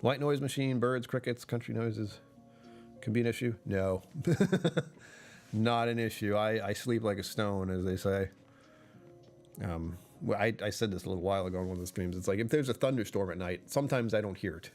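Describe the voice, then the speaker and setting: Man, livestreamer, casual chat, rambling, self-correcting, chuckles mid-sentence, slightly low voice. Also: normal speed, a little mellow, faint music behind.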